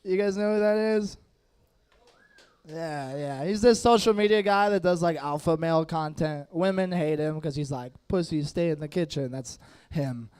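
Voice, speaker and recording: A young stand-up comic with a noticeable lisp, working the crowd in a loose, self-mocking way and chuckling at his own lines. His voice sits high for a man and comes across smooth and clear. He is on a stage mic in front of a dining audience. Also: moderate pace, a little mellow. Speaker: stand-up comedian. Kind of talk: stand-up set with crowd work.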